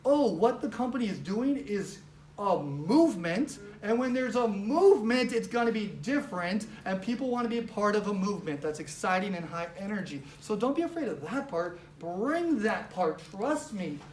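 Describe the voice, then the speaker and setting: A woman giving a casual motivational training talk to a live office audience, animated and chatty, filling her speech with "like" and acting out little quotes. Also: medium pitch, moderate pace. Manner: animated, chatty, heavy use of "like", acts out quotes. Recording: roomy live room with faint noise.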